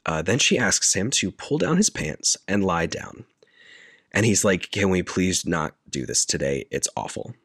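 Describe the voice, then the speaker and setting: Podcast host, male, very deep voice, dry close sound, rambling casual recap. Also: no echo. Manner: retells scenes in deadpan detail, filler-heavy. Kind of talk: casual chat.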